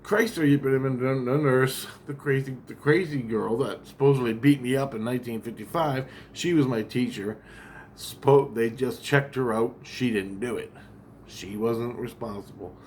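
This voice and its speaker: A man's voice: medium pitch, normal speed, a little mellow, slight background noise. A man talking in a casual vlog monologue, rambling, agitated and heavily profane.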